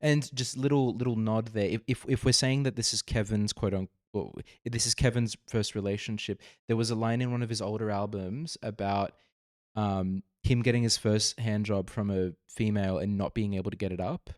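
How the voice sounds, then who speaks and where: Low-voiced man calmly describing songs. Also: no room sound, studio quality. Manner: measured, descriptive, picks apart production details. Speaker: podcast co-host. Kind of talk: casual music reaction chat.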